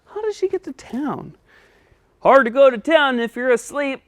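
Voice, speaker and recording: Man host for a children's lesson, encouraging and unhurried, animated pitch, dry recording. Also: no room sound. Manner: patient and encouraging. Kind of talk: children's speech lesson with a puppet.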